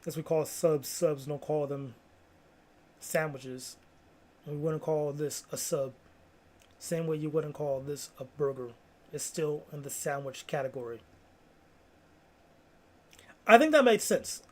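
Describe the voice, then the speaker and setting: A man's voice: a little high, a little slow, long pauses. A man hosting a casual video, rambling through tangents and pleased with himself. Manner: rambling, self-amused, full of "like".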